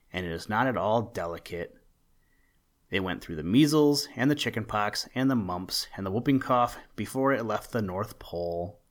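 A jolly old Santa Claus with a hearty, commanding way of speaking, voiced by a man reading aloud. His voice sits somewhat low. This is a storybook reading. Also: lightly acted.

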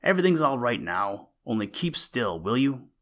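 A man's voice: mid-range voice, big pitch swings, moderate pace, a bit bright. A man voicing an earnest young male schoolboy who pleads and frets in a storybook reading. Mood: pleading. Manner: pleading, breathless.

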